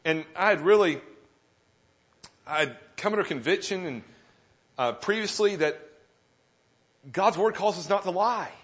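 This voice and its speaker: Pastor preaching with a lively storytelling style. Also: male voice, sits high, unhurried, long pauses. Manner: storytelling with self-deprecating humor; animated, acts out dialogue. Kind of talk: sermon.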